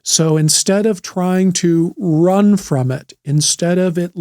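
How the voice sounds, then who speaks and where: A middle-aged man, a therapist and podcast host, talking through trauma healing in a slow, gentle, thoughtful way with frequent restarts. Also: high voice, no room sound, studio quality. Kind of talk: reflective solo talk on trauma healing.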